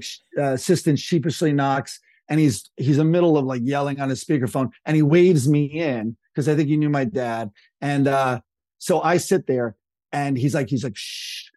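A man in his fifties telling stories as a podcast guest, lively and casual, acting out what others said. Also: on the high side, no echo. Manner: animated storyteller, acts out quotes in a raised voice. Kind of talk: casual storytelling chat.

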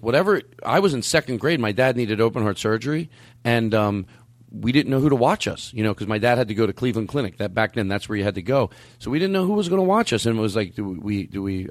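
A man's voice: medium pitch, no room sound. A man in his fifties hosting a podcast, telling stories in a rambling, self-interrupting way. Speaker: podcast host. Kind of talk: casual chat.

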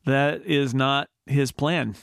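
A man hosts a casual podcast chat with eager, restless energy. His voice has a gravelly, crackly edge. The sound is dry and close, with no room around it. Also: medium pitch, fairly even intonation, slow pace, a bit bright, dry recording. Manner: enthusiastic, lots of fillers and restarts. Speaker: podcast host.

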